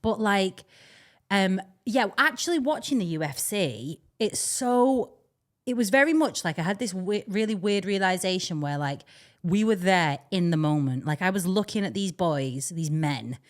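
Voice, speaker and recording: A woman's voice: medium pitch, animated, normal speed. A young woman, co-hosting a podcast in casual, rambling chat and laughing often. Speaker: podcast co-host.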